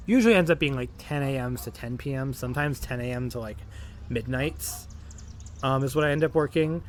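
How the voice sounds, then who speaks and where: A man's voice: medium pitch, a little fast, a little hiss or hum. A young man, chatting in a loose, rambling way as a tired streamer. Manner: rambling, full of fillers and restarts, tired. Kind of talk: casual rambling chat.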